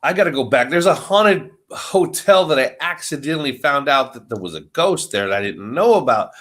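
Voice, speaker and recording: A man in a casual podcast chat, telling an animated story, swearing freely and acting out what people said. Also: medium pitch, moderate pace. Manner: animated storyteller who swears and acts out quotes.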